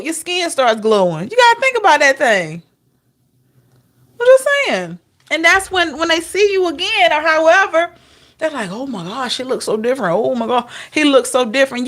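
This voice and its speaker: Chatty tarot-reading woman, slightly high voice. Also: a bit bright. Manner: chatty and encouraging, laughs often, addresses viewers as y'all. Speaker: tarot reader. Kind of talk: casual tarot reading monologue.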